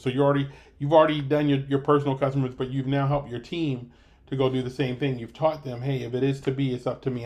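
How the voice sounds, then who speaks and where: A man's voice: mid-range voice, a little mellow. A man running a sales team training over a video call, coaching in an emphatic way and often repeating himself.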